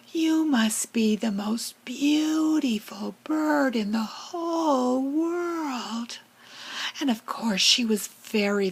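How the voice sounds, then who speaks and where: A friendly but vain female fox, played by a woman tells a storybook tale to children in a whispered role-play. Her voice is husky and gravelly, and she talks at an unhurried pace. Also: on the high side, exaggerated voice, poor audio. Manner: slow, breathy storytelling to children.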